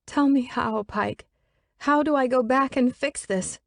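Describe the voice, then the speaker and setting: Female narrator voicing a distraught young woman: wailing, pleading, voice pitched well up. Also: unhurried, gravelly, dry recording, clean studio sound.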